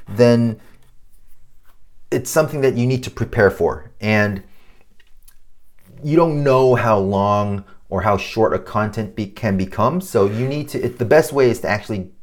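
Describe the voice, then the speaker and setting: A male podcast host gives casual design advice in a loose, ranting monologue, swearing a lot and mocking clients with put-on voices. His voice is mid-range with a darkish tone.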